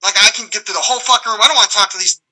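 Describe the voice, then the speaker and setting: Bright, husky high-voiced man, rambling and profane. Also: very fast, poor audio. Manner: acts out quoted voices loudly. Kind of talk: casual live conversation.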